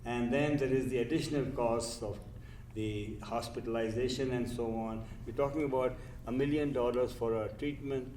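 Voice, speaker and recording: A man with a mellow, dark voice making measured remarks as a physician on a panel. He stops to correct himself mid-sentence. He is picked up from a distance in an echoey room. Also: mid-range voice, steady tone, a little hiss or hum.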